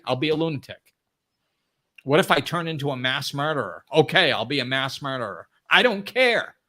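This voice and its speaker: A man's voice: mid-range voice, pushed and bright. A middle-aged man hosting a live spiritual talk, blunt and emphatic, acting out the voices of people he quotes. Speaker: spiritual teacher, host.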